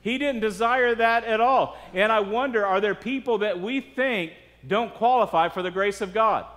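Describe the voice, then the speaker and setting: A man's voice: high-pitched, moderate pace, fairly bright tone, big-room sound. A man preaching a sermon as pastor, earnest and conversational, with frequent asides to the congregation.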